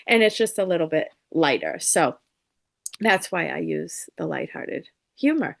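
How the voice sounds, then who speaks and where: A woman guest on an interview show, telling lively, lighthearted stories and acting out quotes as she talks. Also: low voice, a little slow, creaky. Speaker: psychic medium guest. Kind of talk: casual interview storytelling.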